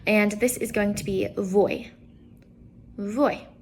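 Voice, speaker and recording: A young woman teaching an Italian lesson, explaining patiently and repeating each example word clearly. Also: fairly high pitch, animated, normal speed, fairly bright tone. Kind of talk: online language lesson.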